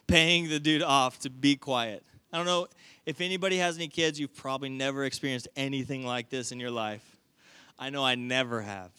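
A man's voice: fairly high pitch, bright, forceful tone, smooth, dry recording. A man preaching a sermon, telling a story animatedly with playful asides. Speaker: pastor.

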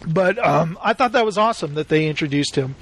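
A man hosting a casual podcast, telling animated stories and slipping into quick voice impressions. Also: a little high. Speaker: podcast host.

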